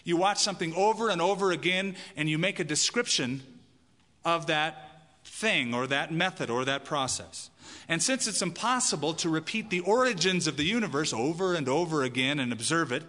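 A man's voice: fairly high pitch, normal speed, sharp tone. A man preaching a sermon to a congregation as pastor, emphatic and asking the listeners questions. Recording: long hall reverb.

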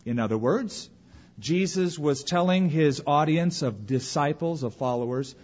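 A man preaching a sermon as pastor, emphatic, slowing for weight and dropping to a hush at the ends of phrases. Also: fairly high pitch, animated. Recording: dull lo-fi recording.

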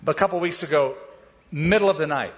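A middle-aged male pastor giving a sermon, telling stories in a conversational way and speeding up and slowing down as he goes. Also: a little high. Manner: conversational storytelling, varies pace. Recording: dull sound with long hall reverb.

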